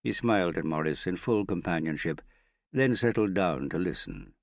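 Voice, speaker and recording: A man reading a novel aloud as narrator, in a measured, even storytelling manner. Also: low voice, vocal fry, no echo, studio quality. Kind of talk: audiobook narration.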